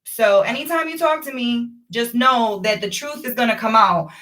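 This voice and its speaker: A woman vlogging a rambling, preachy spiritual monologue to her viewers, animated and addressing them directly. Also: on the high side, normal speed, distant mic, poor audio.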